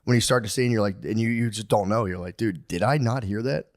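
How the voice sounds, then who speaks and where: A man's voice: fast talker, no echo, clean studio sound. Rambling man, bursts into yelps. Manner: rambling, acts out quotes with sudden high yelps. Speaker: podcast co-host. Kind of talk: casual comedic chat.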